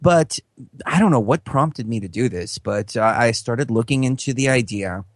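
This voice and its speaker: A man speaking as a guest on a talk radio show, earnest and rambling. His pitch sits in the middle and the sound is dry and close. He works through his points with fillers and restarts. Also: normal speed, dry recording. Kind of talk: casual explanatory talk.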